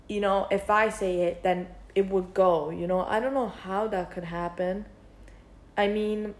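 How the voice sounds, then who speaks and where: A young woman talks through her thoughts in a slow, unhurried vlog, rambling and full of fillers. Her voice sits at an ordinary middle pitch. The sound carries a noticeable room echo. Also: a little mellow. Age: young adult. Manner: rambling, thinking aloud with many fillers. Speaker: vlogger. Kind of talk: casual reflective monologue.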